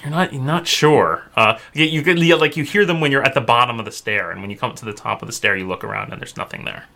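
A man's voice: mid-range voice, fast, gravelly, pushed and bright. A man narrating a tabletop role-playing game as game master, describing scenes with fillers.

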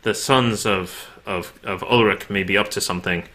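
A man voicing a formal, pompous male Templar knight who speaks haltingly and repeats his words. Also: fairly low pitch, sharp tone.

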